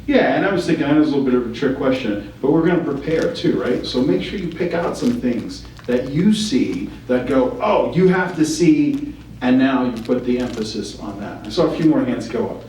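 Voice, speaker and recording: A man's voice: medium pitch, lively intonation, fairly quick, hardly any pauses, a little mellow, a little hiss or hum. Man coaching a training group. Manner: coaching, asks the group questions. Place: training room. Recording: echoey room from far off.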